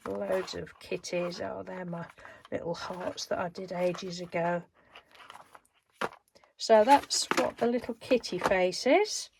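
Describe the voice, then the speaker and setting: A woman's voice: lowish voice, slow, vocal fry, background noise. A woman chatting casually through a craft show-and-tell, rambling and laughing now and then. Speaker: craft vlogger.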